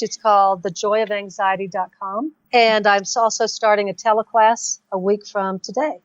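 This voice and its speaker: A woman's voice: medium pitch, level tone, moderate pace, no echo. A woman author answering interview questions earnestly, explaining her book and her class. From United States. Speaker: author and guest. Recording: dull remote call line.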